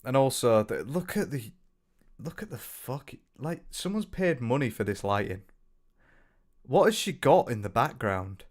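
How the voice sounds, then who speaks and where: A sarcastic British man doing a reaction commentary, swearing and mocking freely. His pitch swings all over, jumping high when he gets worked up. He has a middle-pitched voice. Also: sing-song, unhurried. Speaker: commentary streamer.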